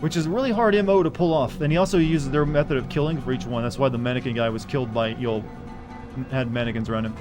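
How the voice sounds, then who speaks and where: A man's voice: mid-range voice, steady tone, fast talker, over music. A man from the Southern United States casually commenting on a game he is streaming, rambling and wry as he chats with viewers.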